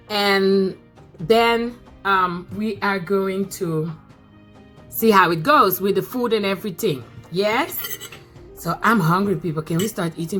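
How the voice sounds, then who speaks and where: Excitable woman with a bright voice. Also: mid-range voice. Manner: excitable, repeats phrases, bursts of laughter. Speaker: mukbang vlogger. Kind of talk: casual chat to camera.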